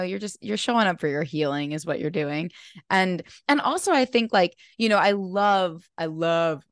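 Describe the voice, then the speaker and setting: A woman's voice: lowish voice, no room sound, clean studio sound. A woman speaking as a podcast guest and mindfulness teacher, talking earnestly and animatedly with many casual fillers. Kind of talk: casual conversational interview.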